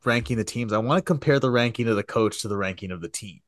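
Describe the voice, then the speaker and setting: A man co-hosting a podcast in casual chat. He thinks out loud and breaks into quick bursts of excitement. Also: lowish voice, no echo, studio quality. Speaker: podcast co-host.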